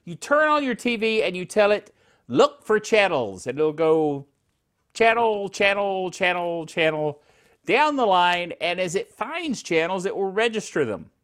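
A man's voice: high voice, big pitch swings, moderate pace, fairly bright tone. A middle-aged man hosting a casual tech podcast from his living room, jokey and rambling, tripping over words and laughing at himself.

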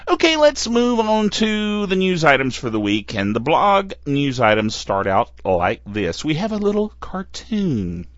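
Man, podcast host, bouncy pitch, playful, dull lo-fi dry recording. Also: very animated, unhurried, hardly any pauses, a bit bright, no room sound. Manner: playful, chatty, laughs between phrases. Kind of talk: casual tech podcast talk.

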